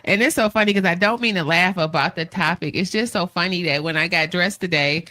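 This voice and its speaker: A woman hosting a casual radio talk show, chatty and lively, acting out quotes as she tells stories. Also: mid-range voice, a little fast, hardly any pauses, no echo. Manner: chatty, animated storyteller, acts out quotes. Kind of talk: casual chat interview.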